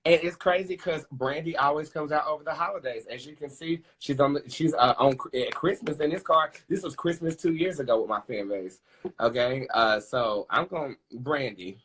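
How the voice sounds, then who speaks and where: A man giving a casual tarot reading on his vlog, chatty and sassy, with quick asides to his viewers. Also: a little high, a bit bright, a little hiss or hum. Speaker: tarot reader and vlogger.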